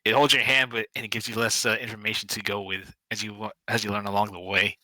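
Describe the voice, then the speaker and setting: A man's voice: on the low side, flat delivery, fast talker, pushed and bright, no room sound, low-quality recording. A man answering questions in a casual online game chat, hesitant and correcting himself as he goes. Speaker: panel guest. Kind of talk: casual group discussion.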